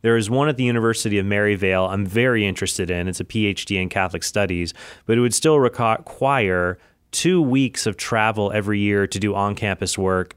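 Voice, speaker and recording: A man runs his own podcast from an office, talking in a chatty, casual way and going off on frequent asides. His lowish voice is smooth and fairly quick, and the clean studio audio has no room sound.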